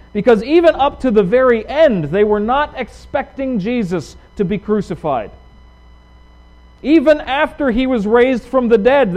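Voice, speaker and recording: A middle-aged man preaching a sermon as pastor, talking conversationally with emphatic rises and quick asides. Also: sits high, darkish tone, low-quality recording.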